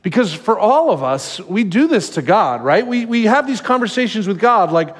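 A male pastor giving a sermon in a conversational, animated storytelling manner. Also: high voice, normal speed, long reverb tail.

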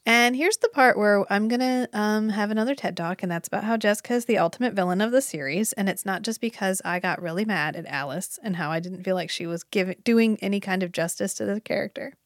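An opinionated woman in a relaxed conversation, talking with lively, animated emphasis and the odd casual swear. Her voice sits at an ordinary middle pitch. The sound is close and dry, with no room around it. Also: fast, hardly any pauses, no echo. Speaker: podcast co-host. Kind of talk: casual chat.

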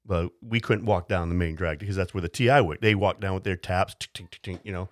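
Host type, lowish male voice, chatty, dry mic. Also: dry recording. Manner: laughs often, quick interjections. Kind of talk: casual chat.

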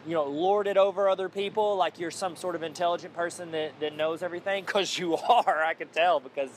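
Brief: male solo podcaster, slightly higher voice, loose self-mocking rambles, faint traffic behind. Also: fairly even intonation, fairly quick. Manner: jokey, upbeat. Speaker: podcast host. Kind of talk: casual solo podcast monologue.

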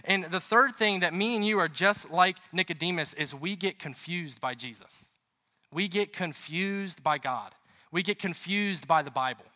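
A man's voice: high-pitched, normal speed, pushed and bright. A man preaching a sermon as pastor, chatty and storytelling, with emphatic repetition. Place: church. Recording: reverberant hall.

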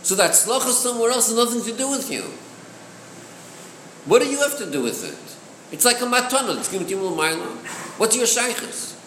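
A man's voice: very high-pitched, very animated, fairly quick, long pauses, fairly bright tone. Man teaching in an echoey hall. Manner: explains with rhetorical questions, mixes Hebrew terms into English. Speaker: Torah teacher. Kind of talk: chassidic text study. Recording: echoey room with long reverb, faint noise.

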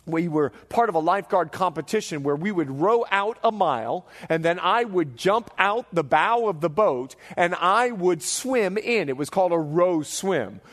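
Animated high-voiced preacher in his forties. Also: moderate pace, hardly any pauses. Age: 40s. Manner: animated storytelling, acts out quoted voices. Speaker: pastor. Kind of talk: sermon. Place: church hall before a live congregation.

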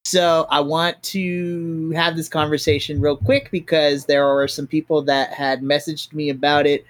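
A man's voice: on the high side, little pitch movement, a little slow, dry recording. A man hosting a casual chat as game master, explaining at length with many fillers. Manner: chatty, explains with lots of fillers.

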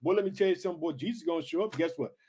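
A man preaching an energetic sermon, hyping up his listeners, calling them family and repeating his catchphrases. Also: fairly high pitch, rapid-fire, breathy edge.

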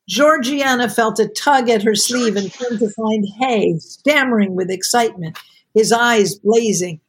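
Husky woman, podcast host, reads a novel aloud, measured, expressive. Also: fairly high pitch. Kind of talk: reading aloud from a novel with commentary.

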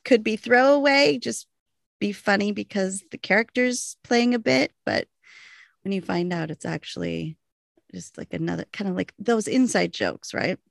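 A woman co-hosting a casual podcast chat recapping a TV show, giggly and animated, acting out quoted lines. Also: medium pitch, normal speed, creaky, no echo. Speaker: podcast co-host.

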